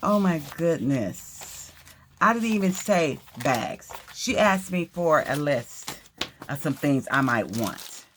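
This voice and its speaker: A woman's voice: sits low, sing-song, slow, fairly bright tone, slight background noise. A woman casually chatting through an unboxing vlog at home, effusive, gasping and repeating her words. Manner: effusive, exclaims and gasps over items, repeats phrases. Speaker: crafting vlogger.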